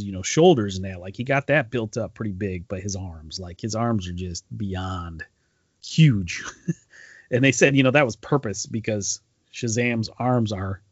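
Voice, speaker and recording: A man's voice: medium pitch, breathy edge, no room sound, dull audio. A man co-hosting a podcast, retelling a story in a rambling casual way with lots of ums and restarts. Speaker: podcast co-host. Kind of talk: casual chat.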